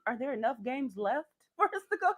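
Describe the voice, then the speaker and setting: A woman's voice: sits high, sing-song, a little fast, crowd noise. A woman co-hosting a casual sports chat, cutting in with dry, teasing remarks. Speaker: co-host.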